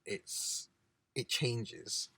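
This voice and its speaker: A man's voice: extremely slow, bright, forceful tone, no echo. Young guy, casual chat in a parked car, dry close sound, easygoing and rambling. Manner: chatty, laid-back, drops into slang impressions. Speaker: podcast co-host.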